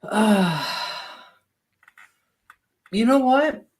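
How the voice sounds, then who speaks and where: A man co-hosting a casual livestream who answers briefly and teases with a dry sense of humor. His voice sits a little on the high side. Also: lively intonation, drawn-out words. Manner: brief, dry replies, teasing. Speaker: co-host.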